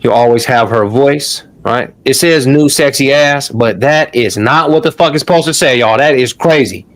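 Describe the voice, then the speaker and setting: Male host, casual live-stream teacher, loose and profane, mid-pitched voice. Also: moderate pace, a bit bright. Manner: loose and chatty, swears, calls the audience "y'all". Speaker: online course host.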